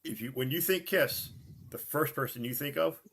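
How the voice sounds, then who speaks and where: A man's voice: medium pitch, moderate pace, gravelly, a bit bright. A man co-hosting a podcast in casual chat, blunt and joking, often restarting his sentences. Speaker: podcast co-host.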